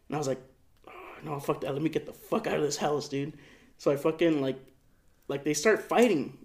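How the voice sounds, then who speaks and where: A young man with a slightly high voice tells a story on a podcast in loose, slangy talk. He swears freely and acts out the voices of everyone in it. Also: a little fast. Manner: slangy, profane, animated retelling with voiced quotes. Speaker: podcast co-host. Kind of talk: casual storytelling.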